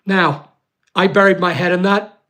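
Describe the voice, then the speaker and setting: A man telling his own story on a livestream, emphatic and repetitive, pausing often with fillers. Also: high-pitched, fairly even intonation, pushed and bright. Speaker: YouTuber on a livestream. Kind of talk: emotional personal account.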